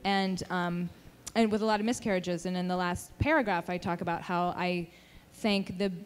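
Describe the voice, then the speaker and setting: A woman's voice: on the low side, steady tone, moderate pace, clear, resonant tone. A woman in her forties, an author, telling stories at a live book event, self-deprecating and laughing often. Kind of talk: casual conversational storytelling. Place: bookstore event room. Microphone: handheld mic at a live event. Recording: live event audio with long reverb and audible noise.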